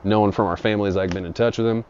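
A man's voice: on the low side, steady tone, rapid-fire, a little mellow, slight background noise. A man telling a rambling, profane comic story in an improvised monologue. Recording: dull lo-fi audio.

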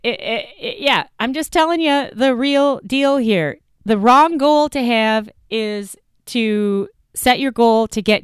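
A woman's voice: mid-range voice, clear, resonant tone, no room sound, studio quality. A woman hosting a solo coaching podcast, talking directly and emphatically, firing off rhetorical questions. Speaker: podcast host and weight loss coach.

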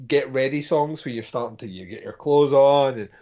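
A man's voice: mid-range voice, dark tone. A man, rambling and joking in a casual podcast chat. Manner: rambling, jokey, quick to do voices. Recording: muffled lo-fi audio.

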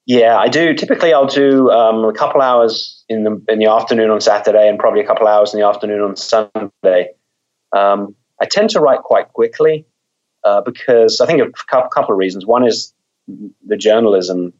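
A man's voice: fairly low pitch, lo-fi sound. A man, a mystery author, talking in a conversational interview, thoughtful, often repeating words as he thinks.

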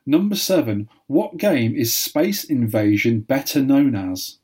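A man hosting a playful quiz, teasing and deadpan. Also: mid-range voice, measured pace. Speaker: podcast co-host, quizmaster.

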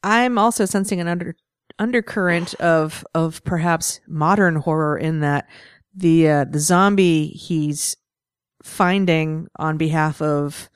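Woman with a deep voice chatting comics, laughs a lot, dry sound. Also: unhurried, clean tone, no echo. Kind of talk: casual comic book review chat.

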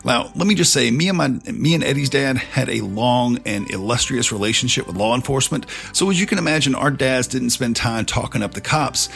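A man's voice: medium pitch, fairly quick, creaky, hardly any pauses, a bit bright, faint music behind. A man telling a personal story in a casual, swearing, conversational way.

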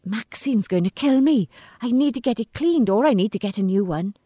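A woman's voice: fairly high pitch, animated, fairly quick, mellow, dry recording, voice pushed up. A woman voicing a panicky young groom who talks frantically in a raised voice, in a storybook reading. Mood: frantic. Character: panicky young groom after a stag night.

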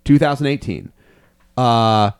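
A man's voice: mid-range voice, slow, clean tone, dry recording, studio quality. A young man hosting a casual podcast, rambling loosely, swearing a lot and laughing often. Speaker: podcast host, comedian. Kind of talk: casual profane podcast chat.

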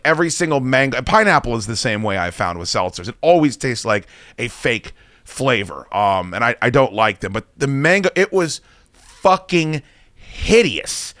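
A man in his thirties tells a long, rambling story on a podcast, swearing at every turn. He mocks himself throughout. His voice sits at an ordinary middle pitch, and the recording is dry and close. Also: fairly bright tone, dry recording. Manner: rambling, swears constantly, self-deprecating. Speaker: podcast host. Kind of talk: casual profane storytelling.

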